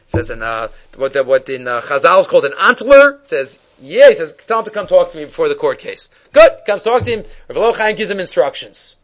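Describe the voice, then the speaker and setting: Animated man telling stories in class. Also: fairly high pitch, fast talker, few pauses. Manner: animated storyteller acting out dialogue, mixing Hebrew phrases. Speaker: Torah teacher. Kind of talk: storytelling Torah class. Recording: dull lo-fi recording.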